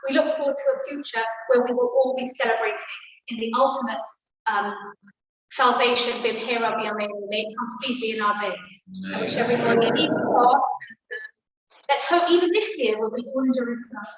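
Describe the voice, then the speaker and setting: A woman giving an earnest, measured talk to a congregation. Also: on the high side, background noise. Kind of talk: spoken talk on mourning. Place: synagogue hall. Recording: echoey hall, distant, lo-fi.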